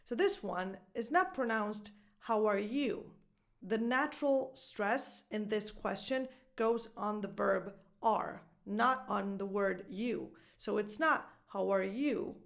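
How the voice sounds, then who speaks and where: A woman's voice: mid-range voice, takes it slowly, few pauses, a bit bright. Upbeat woman coaching pronunciation. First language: Italian. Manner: upbeat, clear teaching delivery with modeled example phrases. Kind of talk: online pronunciation lesson.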